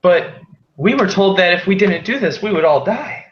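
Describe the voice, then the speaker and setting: A man's voice: high voice, expressive, moderate pace, pitched above the performer's own voice. Man doing a shaken, doubting laborer. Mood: startled. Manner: startled, uncertain. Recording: dull echoey room.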